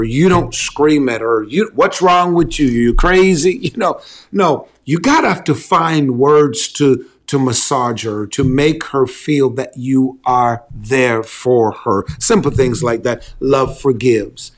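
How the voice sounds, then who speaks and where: A man preaching in a relaxed, conversational way, repeating key phrases and asking rhetorical questions. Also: on the high side. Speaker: pastor. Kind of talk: conversational sermon on love and relationships.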